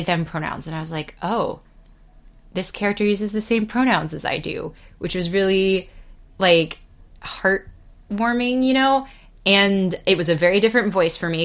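A woman's voice: lowish voice, a bit bright. Rambling, swearing podcast woman in her twenties. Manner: rambling, swears freely, laughs at herself. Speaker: podcast host. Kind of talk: casual solo podcast chat.

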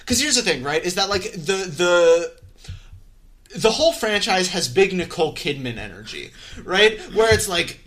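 A man's voice: sits high, sing-song, normal speed, fairly bright tone. A man co-hosting a podcast, chatting casually and animatedly with lots of fillers and asides. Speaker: podcast co-host. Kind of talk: casual movie discussion. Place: room just after a theater visit.

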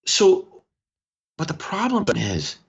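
A man co-hosting a podcast, telling a story in a rambling, animated way with lots of restarts. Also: high voice, slow pace, creaky. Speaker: podcast co-host. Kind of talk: casual podcast conversation.

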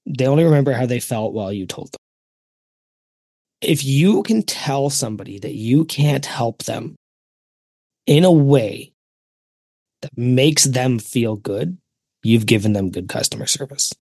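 A man's voice: mid-range voice, animated, measured pace, vocal fry, pauses often, a little mellow, dry recording, clean studio sound. A man co-hosting a casual podcast, blunt and fond of acting out both sides of an exchange. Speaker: podcast co-host.

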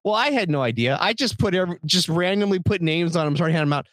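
Slightly higher-voiced man telling an anecdote. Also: expressive, fast talker, a bit bright, no echo, clean studio sound. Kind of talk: casual storytelling chat.

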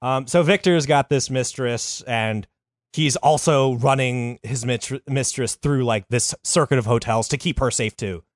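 A man's voice: mid-range voice, measured pace, no room sound, studio quality. Crude, joking man telling a story. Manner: crude, joking, with frequent fillers. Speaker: podcast host telling a story. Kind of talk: casual storytelling chat.

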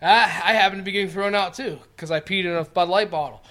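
High-voiced profane man telling stories. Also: fairly even intonation, fast talker, sharp tone. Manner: profane, rambling storyteller who acts out quotes. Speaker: podcast co-host. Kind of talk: casual podcast chat.

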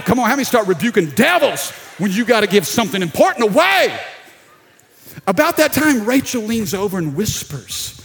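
A middle-aged preacher from South Louisiana with a Louisiana accent, preaching with a fairly high voice. He tells stories with energy, puts on the voices of the people in them and calls out to his congregation. The sound carries a long reverb from a church hall. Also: brisk, vocal fry. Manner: animated storytelling, acting out voices, calling on the congregation. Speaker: pastor. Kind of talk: sermon.

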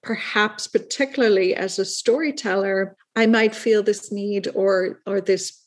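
A middle-aged woman from Ireland with a soft Irish accent drifting toward American, speaking in a thoughtful, halting way as an author being interviewed. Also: medium pitch, fairly even intonation. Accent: soft Irish, shifting toward American. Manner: thoughtful, halting, many restarts and fillers. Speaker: author guest. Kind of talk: reflective interview talk.

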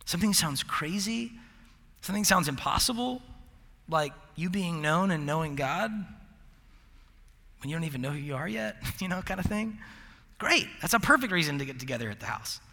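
A man's voice: fairly high pitch, lively intonation, moderate pace, vocal fry, pauses often, bright, forceful tone. A young man preaching a casual sermon to a college group, rambling with fillers and laughing at himself. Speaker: campus ministry preacher. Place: large hall with live audience. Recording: long hall reverb.

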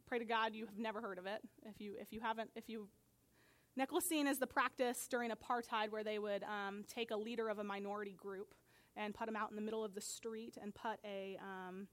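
A woman pastor preaching a sermon, telling a story earnestly and building to emphatic high points.

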